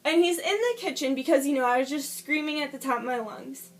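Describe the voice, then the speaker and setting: A woman's voice: sits high, quick pace. A woman telling a personal story in a casual vlog, candid and emotional, swearing freely as she gives a play-by-play. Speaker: vlogger.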